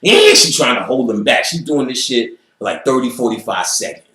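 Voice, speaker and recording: A man's voice: medium pitch, sing-song, moderate pace, pushed and bright. A man being interviewed, telling a profane story with lots of energy and acting out other people's voices and sound effects. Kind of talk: animated storytelling. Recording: roomy echo.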